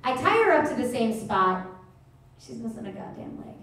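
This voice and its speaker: A woman's voice: fairly high pitch, sing-song, moderate pace, a bit bright. A woman performing a stand-up comedy set, telling stories in a brash, profane way on a live theater stage. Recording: echoey theater, mic at a distance.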